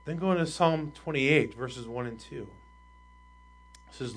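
A man preaching a sermon as pastor, reading scripture aloud and explaining it, growing more forceful on the readings. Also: mid-range voice, a little slow, long pauses, slightly rough.

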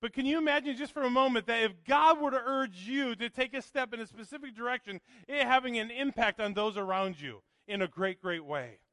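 High-voiced, emphatic male pastor. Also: brisk, few pauses, bright, forceful tone, dry recording. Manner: emphatic, asks the congregation rhetorical questions. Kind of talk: sermon.

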